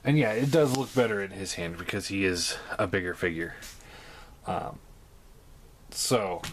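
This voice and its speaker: A man casually reviewing a toy on a home vlog, talking in a hesitant, relaxed way full of ums and uhs. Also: lowish voice, measured pace, pauses often, slight background noise.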